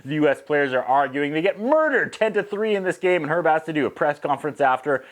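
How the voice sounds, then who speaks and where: A man retelling a film scene by scene in a loose, casual way. His voice sits a little high and swings all over as he acts out the action. He mimics whistles and quotes lines with gusto. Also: animated, brisk. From Canada. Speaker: movie reviewer. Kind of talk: casual movie recap.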